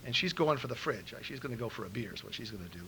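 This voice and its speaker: A middle-aged man from Los Angeles speaking at a recovery meeting, telling an animated story and acting out the quotes. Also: mid-range voice, quick pace, a little hiss or hum, rough recording. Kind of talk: storytelling talk. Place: meeting room in a school.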